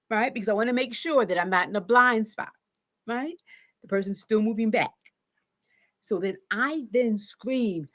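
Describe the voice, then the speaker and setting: Animated woman telling a story. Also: medium pitch, normal speed. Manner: animated, acts out her own shouts and self-talk. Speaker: therapist. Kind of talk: casual storytelling to camera.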